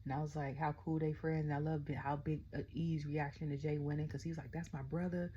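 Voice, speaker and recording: A middle-aged woman casually recapping a wrestling event, excitable and chatty, constantly retelling her own reactions. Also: low voice, a little fast, dull audio, a little hiss or hum. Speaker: wrestling show reviewer. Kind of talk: casual rant-style recap.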